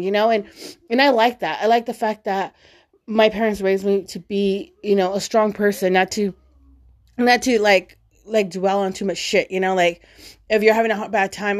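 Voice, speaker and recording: A woman in her forties with a medium-pitched, darkish voice hosts a podcast as a mother leading a casual family chat. She talks bluntly, swears freely, and fills her speech with "like" and "you know."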